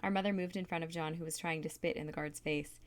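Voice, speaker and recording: A woman reading a chapter of a novel aloud in a calm, steady narrating voice. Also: low voice, quick pace. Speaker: reader.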